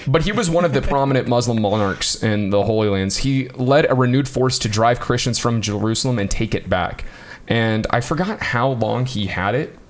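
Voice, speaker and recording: A man's voice: medium pitch, expressive, moderate pace, a little hiss or hum. A man co-hosting a casual history podcast, talking loosely with many fillers and frequent laughs. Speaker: podcast co-host.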